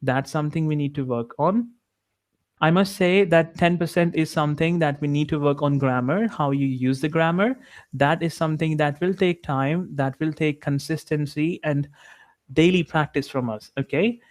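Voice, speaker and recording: Young man, Indian English accent, tutor, encouraging, slightly high voice, video call lesson. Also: moderate pace. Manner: encouraging, upbeat, many "like" fillers. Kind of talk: one-on-one online lesson.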